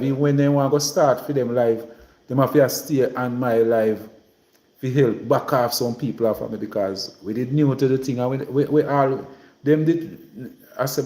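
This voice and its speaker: A man's voice: medium pitch, fairly even intonation, moderate pace, darkish tone, roomy sound. A man from Jamaica with a Trelawny patois accent, chatting casually to viewers on his livestream and drifting between patois and English. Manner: rambling, mixes patois and English. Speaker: livestream host.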